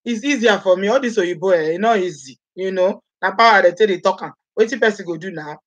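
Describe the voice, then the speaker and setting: A woman's voice: medium pitch, fast talker. A woman from Edo State with a Nigerian accent, chatting on a live vlog, greeting viewers by name and slipping into Pidgin. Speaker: vlogger host.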